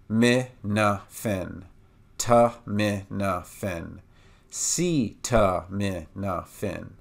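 Guy w/ a lowish voice walking thru a pharmacy lesson, slow syllable drills, lots of "okay?". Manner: patient, breaks words into syllables slowly; frequent "okay?" and "uh" fillers. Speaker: pharmacist teaching drug pronunciation. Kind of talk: tutorial explanation.

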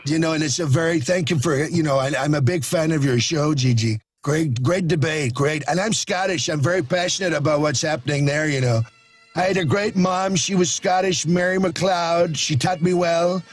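A man's voice: fairly high pitch, moderate pace, faint music behind, close to an everyday voice. A man voicing a boastful, rambling older male president who repeats himself and praises his own show-business charm. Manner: rambling, self-praising, repetitive.

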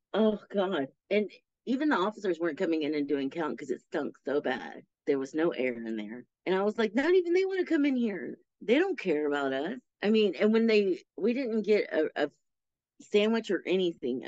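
A woman's voice: on the low side, moderate pace, no echo. A middle-aged woman speaking as an interview guest, telling her story candidly and acting out what people said, with frequent laughs. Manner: animated, acts out quoted speech, laughs through her story. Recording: dull lo-fi audio.

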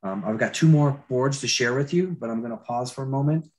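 A man demonstrates storyboard drawing live, talking in a loose, chatty way full of fillers and restarts. His throat is dry and he clears it often. His voice sits at an ordinary middle pitch. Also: brisk. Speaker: storyboard artist teaching a demo.

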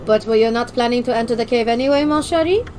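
A woman voicing a smug male prophet, putting on a mock French accent and a lowered, drawling delivery. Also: fast, darkish tone, lightly acted. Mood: grand.

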